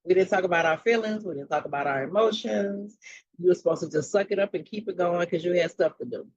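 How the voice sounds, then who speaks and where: A woman's voice: fairly low pitch, fast talker, a little mellow, no room sound. Woman guest telling her story, acts out all the quotes, blunt and slangy, kinda dull dry sound. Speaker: mental health coach and guest. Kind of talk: animated personal storytelling.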